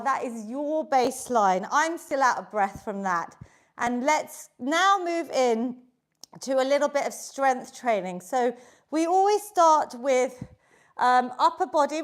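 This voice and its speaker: A woman with a high voice works as a fitness instructor, running a live online workout class from home. Exercising with the group, she keeps things upbeat and encouraging while calling out counts and cues.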